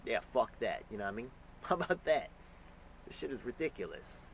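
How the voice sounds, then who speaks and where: A man angrily reacting to a news clip, ranting and swearing with sudden loud bursts. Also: mid-range voice, very animated, fairly quick, slight background noise, rough recording. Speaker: commentator reacting to news clips. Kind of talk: profane reaction commentary.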